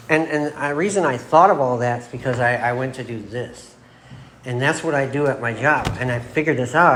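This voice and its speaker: A man's voice: medium pitch, noisy background. A middle-aged man from Michigan telling his recovery story at an AA meeting, in a loose, self-mocking storytelling style. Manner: casual storytelling, laughs at himself. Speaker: AA meeting speaker. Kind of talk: personal recovery talk. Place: meeting room.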